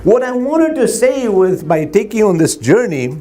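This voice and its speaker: High-voiced man preaching to youth. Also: sing-song, normal speed, dark tone. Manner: storytelling, repetitive, addresses audience. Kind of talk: sermon to youth.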